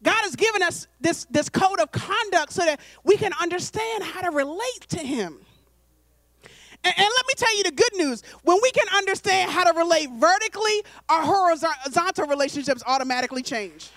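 A woman preacher delivering a calm, conversational sermon, slowing down for emphasis. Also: very high-pitched, no echo. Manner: conversational, deliberate, slows for emphasis.

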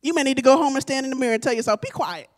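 A woman pastor preaching a sermon, calling on the congregation to respond and rising into shouts. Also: high-pitched, racing.

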